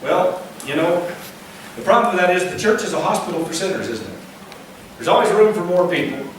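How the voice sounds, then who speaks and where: Male pastor, high-pitched, chatty sermon delivery with rhetorical questions, booming church echo, captured from afar. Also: big pitch swings, fast talker. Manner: conversational preaching with frequent check-ins and rhetorical questions. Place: church sanctuary. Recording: echoey church hall from a distance, faint noise.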